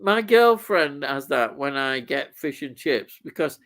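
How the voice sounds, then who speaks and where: A man's voice: mid-range voice, lively intonation, a little slow, fairly bright tone. A man co-hosting a casual livestream, easygoing and a little hesitant, often laughing. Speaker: livestream co-host. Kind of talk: casual live chat.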